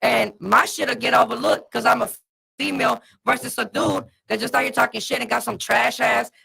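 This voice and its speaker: A woman's voice: fairly high pitch, fairly even intonation, moderate pace, gravelly, sharp tone, breathy edge, poor audio. A woman who breeds dogs, talking on a podcast in an assertive, emphatic and profane way. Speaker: podcast guest and dog breeder. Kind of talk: casual chat.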